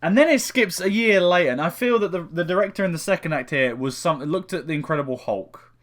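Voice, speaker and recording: A man's voice: a little high, animated, fairly quick, a bit bright. A young man giving a casual spoken film review, rambling and swearing heavily with frequent restarts.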